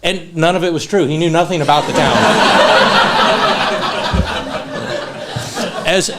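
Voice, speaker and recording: Against heavy background noise, a man with a higher-leaning voice speaks extremely slowly in a eulogy for his friend at a funeral home. His memorial speech moves from funny anecdotes to sincere tribute.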